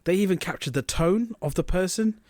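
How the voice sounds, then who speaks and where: A man co-hosting a podcast in casual chat, excitable, laughing often and swearing casually. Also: high voice, brisk, dry recording, studio quality. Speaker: podcast co-host.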